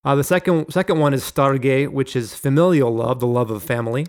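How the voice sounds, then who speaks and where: A man's voice: mid-range voice, brisk. A man hosting a Bible study discussion, explaining word meanings and reading quotations aloud in a conversational teaching style. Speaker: Bible study podcast host.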